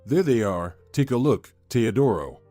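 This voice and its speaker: A man voicing a wealthy middle-aged businessman who speaks in a measured, heavy, confiding way, in a storybook reading. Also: medium pitch, expressive, warm tone, no echo, faint music behind, close to an everyday voice.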